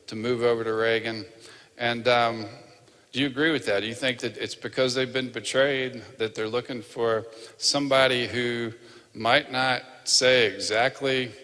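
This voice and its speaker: Middle-aged male interviewer, halting and earnest, sharp voice, theater reverb. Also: medium pitch. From rural Virginia. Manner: halting, restarts sentences, earnest. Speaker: onstage interviewer. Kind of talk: conversational questions onstage. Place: large theater hall.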